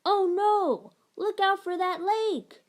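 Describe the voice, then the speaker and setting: A woman's voice: sits high, lively intonation, unhurried, voice pushed up. A woman voicing an eager, imaginative little boy in a storybook read-aloud. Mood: excited. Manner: bright, eager exclamations.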